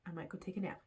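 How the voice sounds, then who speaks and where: A woman vlogging in rambling, repetitive self-talk, encouraging herself. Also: fairly low pitch.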